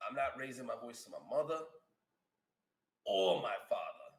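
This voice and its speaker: A man's voice: medium pitch, animated, normal speed. A middle-aged man co-hosting a podcast in emphatic casual chat, often repeating himself. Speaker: podcast co-host. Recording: echoey room.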